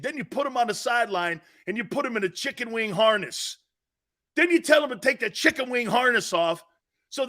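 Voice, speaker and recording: A sports talk show host rants out his opinions loudly and mockingly in a very high voice that swings widely. His tone is bright and edgy, and he keeps an unhurried pace.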